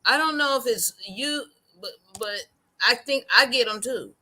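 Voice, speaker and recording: Bright-voiced co-host chiming in. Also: medium pitch, measured pace. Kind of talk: casual livestream chat.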